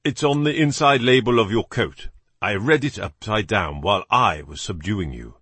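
A man's voice: on the low side, lively intonation, normal speed, fairly bright tone, husky, no room sound. A man voicing a composed older actor posing as the great detective, speaking with a British accent in a dry, precise manner. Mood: cool, assured.

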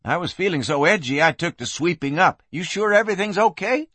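A man's voice: high-pitched, expressive, fairly quick, sharp tone, slightly rough, no echo, pitched above the performer's own voice, heavily acted. A man voicing a nervous, eager young deputy. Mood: anxious.

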